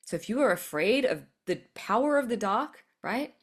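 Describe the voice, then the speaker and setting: A woman's voice: fairly high pitch, animated, normal speed, husky. A woman hosting a spiritual podcast, talking passionately in a monologue, swearing freely and laughing often. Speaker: podcast host.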